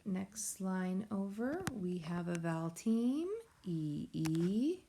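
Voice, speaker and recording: A woman teacher giving a recorded phonics lesson to young children, explaining slowly and patiently in a sing-song way. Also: fairly low pitch, expressive, noisy background. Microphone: tablet or device mic.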